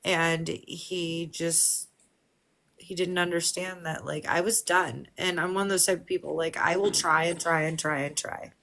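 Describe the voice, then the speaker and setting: A woman in her forties, speaking as a guest on a live stream, candid and emotional, talking haltingly. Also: fairly low pitch, fairly even intonation, vocal fry, a bit bright, slight background noise. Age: 40s. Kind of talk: personal conversation.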